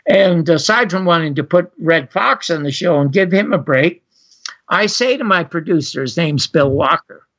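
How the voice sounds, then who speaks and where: Older man telling a lively anecdote. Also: moderate pace, lo-fi sound. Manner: animated, acts out others' lines with raised pitch. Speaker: interview guest, former talk show host. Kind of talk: anecdotal storytelling.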